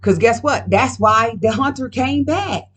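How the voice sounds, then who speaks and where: A woman's voice: on the high side, a little slow, a bit bright, breathy edge, soft background music. A woman doing a casual card reading at home, talking in a profane, emphatic, rambling way. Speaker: card reader.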